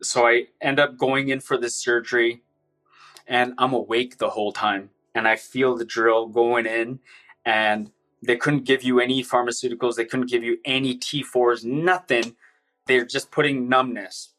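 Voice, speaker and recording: A man's voice: medium pitch, steady tone, moderate pace, fairly bright tone, soft background music. A man recounting his own experience in an intense, run-on storytelling manner. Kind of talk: personal account, casual storytelling.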